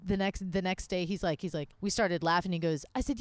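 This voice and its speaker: Here a woman's mid-range voice, a little fast and clean, comes through with no room sound. She's a podcast co-host in her thirties, an animated storyteller who acts out people's quotes during casual chat.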